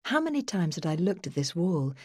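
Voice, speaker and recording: A woman with a lowish voice reads a first-person true crime audiobook in the voice of a detective. Her delivery is measured and even, close to the mic in a dry studio with no room sound. It is steady, unhurried storytelling. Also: breathy edge, no echo. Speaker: audiobook narrator.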